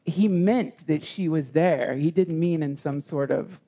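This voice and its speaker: High, gravelly-voiced man telling a story. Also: warm tone. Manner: rambling, halting with restarts. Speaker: podcast guest. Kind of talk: emotional personal storytelling. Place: live retreat session.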